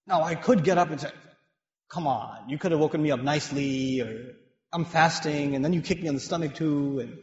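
A man from Pakistan giving a mosque sermon, telling stories in an animated, humorous way. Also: high voice. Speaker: mosque lecturer. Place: mosque hall with women's gallery upstairs. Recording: echoey hall, dull sound.

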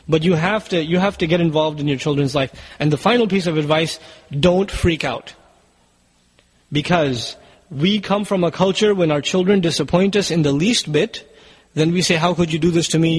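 Man preacher, high husky voice, urgent and exhorting, long hall reverb. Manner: urgent, exhorting, asks rhetorical questions. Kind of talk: sermon.

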